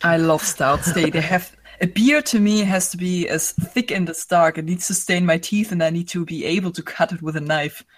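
A man from Bavaria with a German accent, chatting casually and laughing often in a calm, mellow way. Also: high-pitched, normal speed, few pauses. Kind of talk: casual chat.

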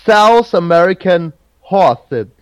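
A man's voice: sits high, big pitch swings, slow, clear, resonant tone, dry recording. A man hosting a casual podcast quiz. He halts, restarts and searches for his words. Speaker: podcast host running a trivia quiz. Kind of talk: casual chat.

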